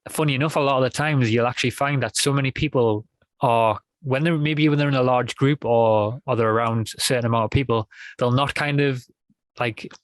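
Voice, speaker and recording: A man's voice: medium pitch, no room sound. A man, a podcast guest talking in a casual, rambling way, full of restarts and fillers. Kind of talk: casual conversation.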